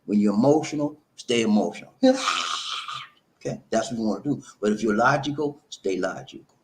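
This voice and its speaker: A man's voice: fairly low pitch, lively intonation, brisk. A man giving relationship advice in an emphatic, preachy monologue, repeating himself and calling listeners "man".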